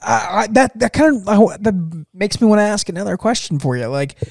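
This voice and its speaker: A young man co-hosting a casual podcast, asking chatty, excitable questions and stumbling over his words. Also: sits high, fairly quick, vocal fry, dry recording, studio quality. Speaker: podcast co-host.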